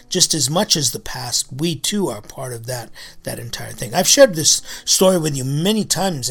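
A man's voice: fairly high pitch, a bit bright, husky. A man from Los Angeles preaching a conversational sermon, telling a personal story and asking his listeners rhetorical questions. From Los Angeles, United States.

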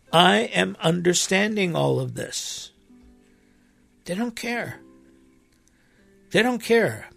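A man's voice: fairly high pitch, no room sound. A man who preaches, talking earnestly in a conversational way, with emphatic rises. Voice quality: gravelly, husky. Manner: earnest, emphatic, with animated rises and quoted voices. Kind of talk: impassioned conversational talk.

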